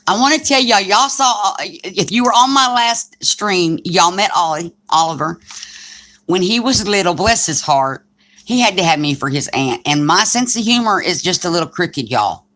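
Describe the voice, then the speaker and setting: A woman's voice: fairly low pitch, animated, normal speed, a bit bright. Chatty woman storyteller. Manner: chatty storyteller, joking and laughing often. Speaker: craft channel host. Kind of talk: casual livestream chat.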